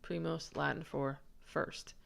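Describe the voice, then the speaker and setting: A woman's voice: low voice, little pitch movement, takes it slowly, vocal fry, fairly bright tone. A woman giving a casual, chatty lesson on a manuscript, giggly and rambling, who stops to answer viewer comments. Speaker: manuscript researcher presenting her findings.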